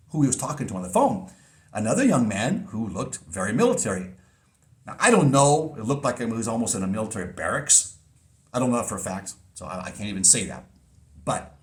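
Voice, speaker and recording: Animated, earnest man telling a story. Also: medium pitch. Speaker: vlogger. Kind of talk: casual monologue.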